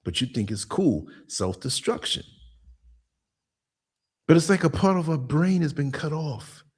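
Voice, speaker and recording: Blunt, husky man in his sixties. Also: fairly high pitch, sing-song, unhurried, darkish tone. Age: 60s. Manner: blunt, streetwise storytelling with acted-out quotes. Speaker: podcast host. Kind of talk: casual monologue commentary.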